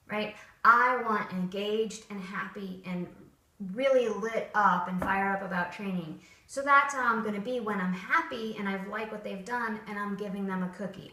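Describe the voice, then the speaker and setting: Woman, dog trainer, casual expressive teaching, middle pitch, echoey room, mic set back. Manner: expressive, acts out upbeat and flat tones as examples. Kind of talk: casual instructional talk. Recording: roomy sound from a distant mic.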